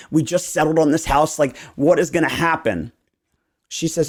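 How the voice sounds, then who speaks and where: A man's voice: a little high, quick pace. A man, hosting a casual podcast chat, telling stories and acting out clients' lines with loose swearing. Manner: animated storyteller who acts out clients' lines, profane. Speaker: real estate agent and podcast host.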